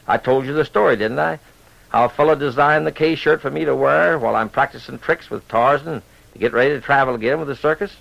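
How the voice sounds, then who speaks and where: A man's voice: medium pitch, fairly quick, vocal fry, fairly bright tone. A man telling a western story on the radio in a folksy cowboy drawl. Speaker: radio storyteller and show host. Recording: lo-fi old radio recording.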